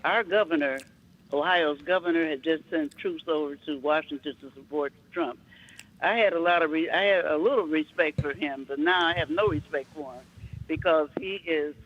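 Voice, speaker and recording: A woman caller from Ohio who speaks bluntly but haltingly, leaning on plenty of fillers between her points. Her voice comes through dull and lo-fi, with the high end rolled off. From Ohio, USA. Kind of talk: call-in comment.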